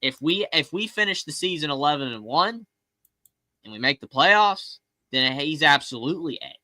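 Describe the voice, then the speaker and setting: A man co-hosting a sports call-in show, rambling excitedly and often restarting his sentences. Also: a little high, normal speed, no room sound, poor audio. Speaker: co-host of a fan call-in show. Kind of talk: casual sports talk.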